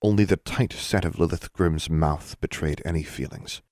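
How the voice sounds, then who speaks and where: A deep-voiced male narrator reads a scripted audiobook at normal speed. His tone is darkish, and the recording is studio quality with no room sound.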